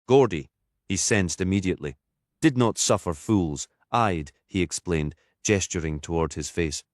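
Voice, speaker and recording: Deep-voiced man narrating a crime novel. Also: normal speed, a little mellow, no room sound, clean studio sound. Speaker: audiobook narrator. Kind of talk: scripted narration.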